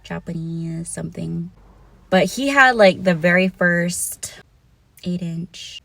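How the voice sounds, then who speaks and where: A woman's voice: lowish voice, slow pace, vocal fry, fairly bright tone, no room sound. A young woman vlogging a frank, casual monologue, giggling and swearing with self-conscious asides.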